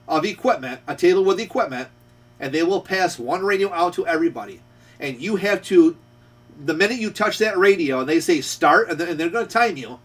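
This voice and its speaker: A man's voice: fairly high pitch, fairly bright tone. Scolding man ranting, slightly distant mic. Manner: confrontational, scolding, repeats himself. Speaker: radio repair shop owner. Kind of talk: ranting call-out video.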